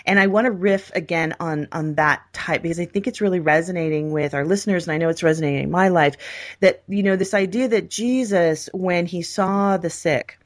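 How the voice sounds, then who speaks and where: A woman co-hosting a casual spiritual talk show, animated, acting out quoted voices with gasps. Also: on the low side, fairly quick. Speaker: podcast co-host.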